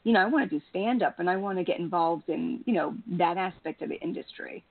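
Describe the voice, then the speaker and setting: Mid-pitched interviewer over a phone line. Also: a little fast. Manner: encouraging, laughs often. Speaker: interviewer host. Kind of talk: casual interview.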